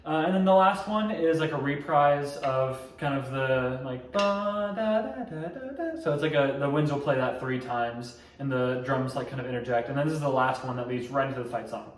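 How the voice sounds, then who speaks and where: A man's voice: medium pitch, brisk, few pauses. A young man casually teaching drumline parts step by step, scatting rhythms as he explains. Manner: relaxed, explains step by step, scats drum rhythms. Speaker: drumline instructor. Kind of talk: casual instructional tutorial. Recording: echoey room, mic at a distance, loud noise.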